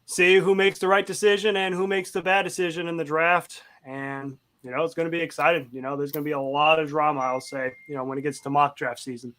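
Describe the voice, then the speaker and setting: Flat, rambling male analyst. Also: fairly high pitch, brisk, hardly any pauses. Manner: rambling, leans on "you know" fillers. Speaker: guest analyst. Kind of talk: casual chat.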